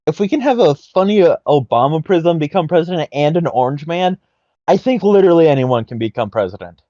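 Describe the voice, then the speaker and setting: A young man co-hosting a podcast, chatting in an animated, argumentative way. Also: fairly high pitch, a little fast, no echo. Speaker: podcast co-host. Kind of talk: casual chat. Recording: dull lo-fi mic.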